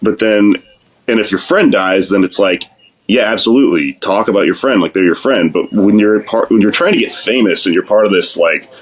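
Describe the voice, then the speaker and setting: A man chatting as a podcast guest in a slightly low voice. He rambles, swears freely and breaks into laughter as he talks things through. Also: a little fast. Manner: rambling, profane, laughs often. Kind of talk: casual podcast conversation.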